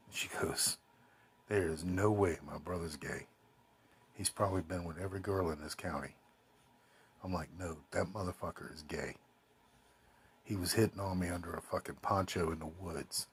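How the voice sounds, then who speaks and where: A man's voice: low voice, a little hiss or hum. A man telling a rambling personal anecdote in a casual, swearing way, quoting other people as he goes. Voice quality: very husky. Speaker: storyteller.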